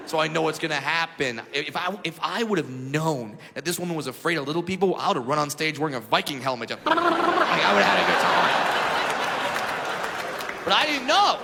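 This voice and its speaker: A man performing a stand-up comedy routine on a club stage. He tells his story with loud, animated energy, dropping into hushed asides and then shouting the punchlines. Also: a little high, very noisy. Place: comedy club stage before a live audience. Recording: live club recording with reverb and audience laughter.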